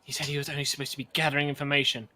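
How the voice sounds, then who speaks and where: A blunt, fed-up adventurer, as the game master puts him on, speaks in a plain, bright voice close to the man's own. He sounds fast and impatient. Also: medium pitch, level tone. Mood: exasperated. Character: gruff, exasperated male adventurer.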